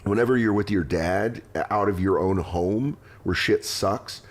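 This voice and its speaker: A man hosting a podcast, telling rambling personal stories in casual chat and acting out quotes. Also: on the low side. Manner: rambling storytelling, quick vivid quotes. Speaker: podcast host.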